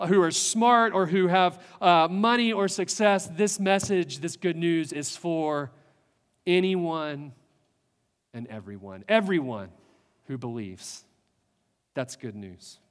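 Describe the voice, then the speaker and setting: A man preaching a sermon as a pastor, earnest, building with rhetorical questions and pauses. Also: sits high, in a large hall.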